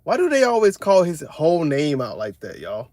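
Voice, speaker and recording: A man's voice: a little high, normal speed, slight background noise. A man hosting a live show, chatting casually and repeating himself as he talks to his viewers. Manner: animated, repetitive, talks to viewers. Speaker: host.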